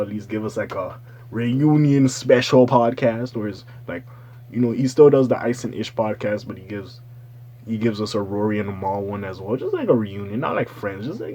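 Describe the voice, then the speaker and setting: Husky-voiced man riffing casual commentary. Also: medium pitch, normal speed, muffled recording. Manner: loose, slangy, profane, rambling asides; swings into loud excited bursts. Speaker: commentary channel host. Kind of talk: casual pop-culture commentary.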